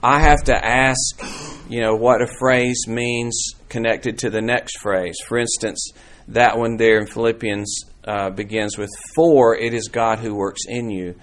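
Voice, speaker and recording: A man's voice: medium pitch, fairly even intonation, unhurried, a bit bright. A man teaching an informal church Bible class in a conversational, rambling way, with many restarts and fillers.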